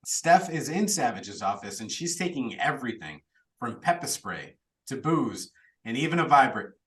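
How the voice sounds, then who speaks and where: A man's voice: medium pitch, sing-song, normal speed, a bit bright, distant mic, low-quality recording. A man hosting a podcast, chatty and laughing now and then as he recaps a plot. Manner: chatty, laughs while telling the story. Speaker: podcast host recapping a film.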